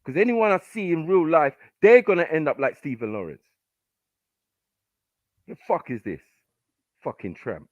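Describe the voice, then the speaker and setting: Furious profane man, high-pitched. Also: very animated, moderate pace, long pauses, dry recording. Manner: aggressive, profane, shouting down callers. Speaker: podcast host. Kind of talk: heated live panel argument. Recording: dull lo-fi stream audio.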